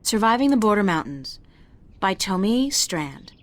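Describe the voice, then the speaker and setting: April, a wry game heroine. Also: female voice, medium pitch, sing-song, measured pace. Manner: dry, wry remarks on what she sees. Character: young female adventure-game heroine, wry and curious. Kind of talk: video game voice acting.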